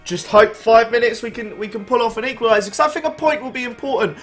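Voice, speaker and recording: A man's voice: very high-pitched, fast, fairly bright tone, soft background music. A young man casually commentating on a football management game he is playing, chatty and a bit tired. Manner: chatty, reacting to match events. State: yawning, tired. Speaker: gaming YouTuber.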